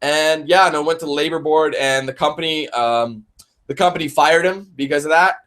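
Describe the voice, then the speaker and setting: A man casually answering viewer questions on a live stream, telling stories in a rambling, animated way, with lots of fillers, restarts and swearing. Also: fairly high pitch, fairly quick. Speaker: let's play YouTuber answering viewer questions.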